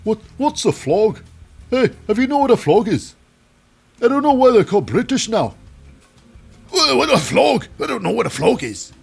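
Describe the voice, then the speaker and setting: A man putting on a squeaky, bewildered voice for a group of confused male wrestlers. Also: big pitch swings, normal speed, creaky, pauses often, husky, soft background music, exaggerated voice. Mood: baffled.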